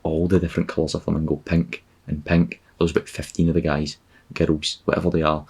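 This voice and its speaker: Scottish man, very deep voice, podcast host, sarcastic, profane, rambling comic monologue. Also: flat delivery, quick pace, darkish tone, slightly rough. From Scotland.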